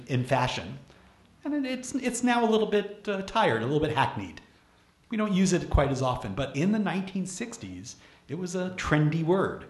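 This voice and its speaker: A man from Brooklyn giving a public lecture, animated and full of restarts and questions to the audience. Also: on the high side. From Brooklyn, New York. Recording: echoey lecture room.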